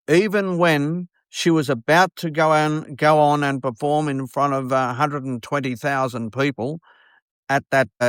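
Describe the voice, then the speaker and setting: A man, a radio host telling a story in an earnest, unhurried way, with many fillers. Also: mid-range voice, a bit bright, clear, resonant tone, no echo, studio quality. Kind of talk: storytelling monologue.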